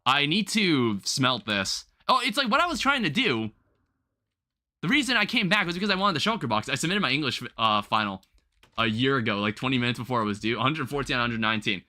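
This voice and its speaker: A young man hosting a livestream, chatting casually while gaming and telling rambling, animated stories with some swearing. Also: medium pitch, fairly quick. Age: young adult. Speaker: livestream host.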